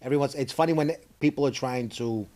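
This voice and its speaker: A man's voice: mid-range voice, fairly quick, a little mellow. A man, a stand-up comedian chatting eagerly in an interview and jumping into his partner's stories. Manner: chatty, eager, talks over others. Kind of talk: casual interview chat.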